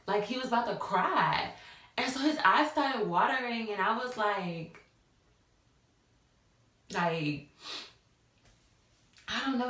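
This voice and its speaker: Young woman, lowish voice, casual storytelling, echoey room, distant mic. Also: a bit bright. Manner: casual, many fillers, acts out quotes. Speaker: vlogger. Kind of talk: storytime vlog.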